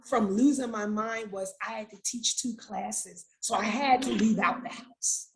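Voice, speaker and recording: A rough recording carries a middle-aged woman's slightly high, slightly slow voice. Appearing as an interview guest, she tells the emotional story of her incarcerated son, animatedly acting out what was said.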